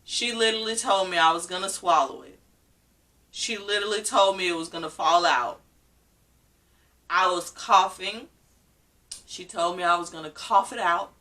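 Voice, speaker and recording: Her voice is bright and clear yet fairly low in pitch as this young vlogger recounts something personal for her audience. She keeps a moderate pace with frequent pauses, laughs often, uses "literally" a lot, and speaks casually with animation. The mic is a little far from her.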